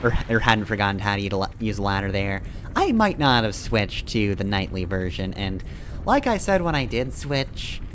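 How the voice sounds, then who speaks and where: A man's voice: fairly low pitch, sing-song, normal speed, a bit bright, slight background noise. A man streaming a game, giving rambling, casual commentary, often correcting himself and chuckling.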